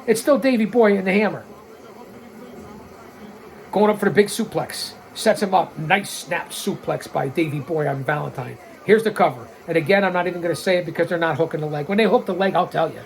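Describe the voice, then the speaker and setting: Excitable profane man in his sixties. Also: high-pitched, fairly quick, creaky. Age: 60s. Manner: excitable, blunt and profane, calls out mistakes. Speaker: watch-along host. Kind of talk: wrestling watch-along commentary.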